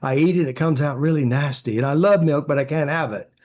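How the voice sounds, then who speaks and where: A man's voice: a little high, fairly quick, a little mellow. A man, a therapy practitioner, answering interview questions with anecdotes, acting out quoted dialogue and filling with "you know".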